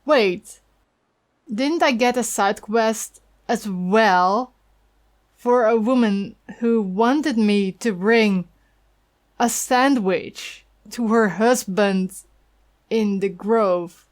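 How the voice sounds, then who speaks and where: Playful woman gamer, easily flustered, slow-spoken. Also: a little high. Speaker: let's play host. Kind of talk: casual gameplay commentary.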